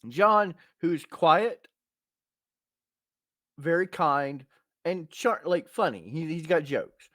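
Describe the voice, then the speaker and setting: A man in his thirties hosts a podcast in a slightly high, bright voice, taking his time with lively intonation. He tells crude stories full of punchy asides in casual chat, recorded with clean studio quality and no room sound.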